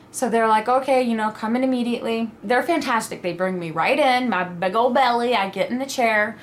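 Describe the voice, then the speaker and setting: A young adult woman telling a personal story in a casual, animated vlog style, acting out her own quoted reactions. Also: on the high side, slight background noise. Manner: animated, dramatic retelling with quoted asides. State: pregnant (at the time told). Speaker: vlogger.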